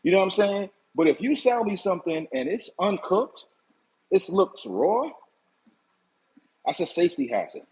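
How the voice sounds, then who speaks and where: A man's voice: high-pitched, very animated, moderate pace, long pauses, darkish tone, rough recording. A man hosting his own channel tells a casual, aggrieved story. He is slangy, repeats himself and keeps asking "you know what I'm saying.". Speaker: channel host.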